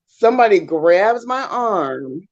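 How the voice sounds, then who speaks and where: A woman co-hosting a talk show, telling a story in a casual, animated way and acting out the voices. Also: medium pitch, slow pace, dry recording, dull audio. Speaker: co-host.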